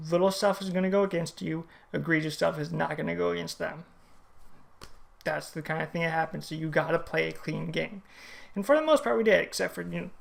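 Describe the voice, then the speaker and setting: Gravelly-voiced fan recapping a hockey game. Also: medium pitch. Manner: play-by-play retelling, opinionated and chatty. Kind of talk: casual game recap vlog.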